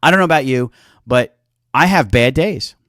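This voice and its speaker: A man's voice: medium pitch, animated, normal speed, a bit bright, no room sound, studio quality. A man hosting a health talk show, giving an earnest motivational talk and acting out little quoted exchanges.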